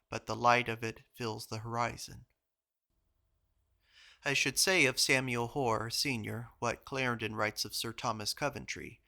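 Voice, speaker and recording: A man reading old journal entries aloud in a measured, even manner. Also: medium pitch. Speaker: reader of journals. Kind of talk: audiobook reading.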